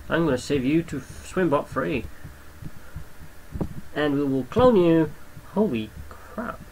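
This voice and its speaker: A young man giving casual game commentary, excitable, swearing often and talking to the creatures on screen. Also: on the high side, slow, slight background noise, low-quality recording. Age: young adult. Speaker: gamer commentator.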